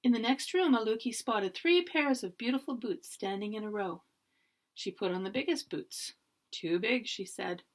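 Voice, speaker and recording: Expressive storybook reader, woman, higher voice, reads aloud for kids. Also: moderate pace. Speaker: volunteer teacher reading to children. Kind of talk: children's storybook reading.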